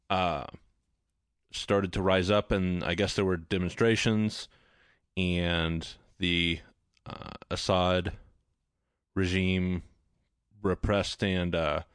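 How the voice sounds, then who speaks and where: A man with a Texan accent hosting a casual interview, relaxed and hesitant, with many fillers. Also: low-pitched, smooth, no room sound, studio quality. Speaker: podcast host interviewer.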